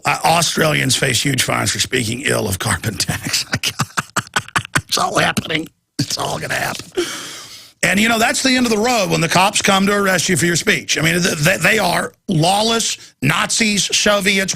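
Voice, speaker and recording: A man's voice: high voice, creaky, bright, forceful tone, slightly rough. A middle-aged man hosting a talk radio show, delivering a heated, ranting monologue with mocking asides.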